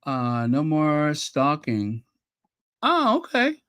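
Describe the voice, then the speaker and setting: Guy streamer reading chat out loud, slow and chatty, keeps apologizing, nervous laughs, dry sound. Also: a little high, wildly swooping pitch, clean tone, no echo. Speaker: channel host reading live chat. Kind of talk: casual livestream chat.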